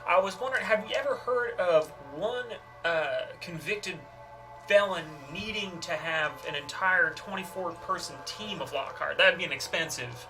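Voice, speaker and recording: A man playing a tabletop game, smooth-talking and persuasive, halting with fillers. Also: high voice, bright, forceful tone, distant mic, soft background music. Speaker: player.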